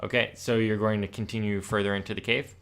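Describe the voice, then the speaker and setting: A man running a tabletop role-playing game as game master, narrating in a halting way with many fillers. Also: fairly low pitch, little pitch movement, fairly bright tone, clean tone.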